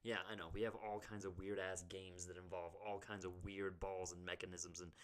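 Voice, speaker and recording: A man's voice: low-pitched, flat delivery, a little fast. A young man co-hosting a podcast, telling a crude, jokey story in casual chat. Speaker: podcast co-host.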